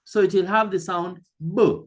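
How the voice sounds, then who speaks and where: A woman teaching an online language lesson, speaking slowly and deliberately, repeating key words and addressing the learner directly. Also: mid-range voice, big pitch swings, a bit bright.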